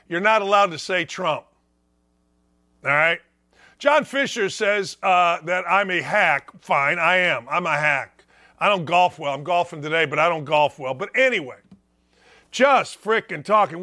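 Brief: male sports-radio host in his sixties, high pitched, bright, ranting and mocking, repeats himself. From northwest Indiana. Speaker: sports talk show host. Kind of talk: opinionated sports talk monologue.

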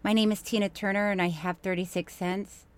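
A woman's voice: medium pitch, brisk. A woman co-hosting a casual chat, telling stories with big bursts of laughter. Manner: animated storyteller, loud laughs. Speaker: podcast co-host.

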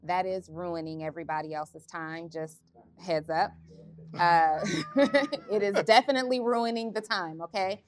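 A woman's voice: fairly low pitch, moderate pace. A woman on a discussion panel, asking direct, teasing questions.

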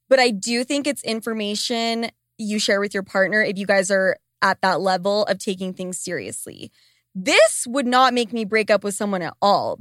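A woman's voice: medium pitch, a bit bright, dry recording, clean studio sound. A young woman hosting a casual advice podcast, blunt and profane, answering listener letters.

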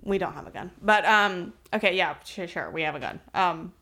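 A young woman co-hosting a podcast, telling a story in a casual, animated and profane way. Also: fairly low pitch, moderate pace. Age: young adult. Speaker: podcast co-host. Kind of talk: casual chat.

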